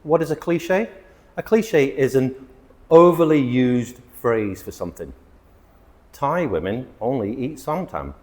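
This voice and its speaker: Man, English teacher, vocabulary lesson, animated, very lively pitch, reverberant sound. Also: a little slow. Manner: animated, excitable, stresses words and repeats them. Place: outdoors near palm trees.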